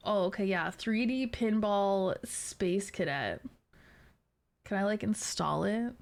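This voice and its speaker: A woman's voice: medium pitch, slow, vocal fry. A young adult woman streamer chatting casually with viewers, laughing often and teasing.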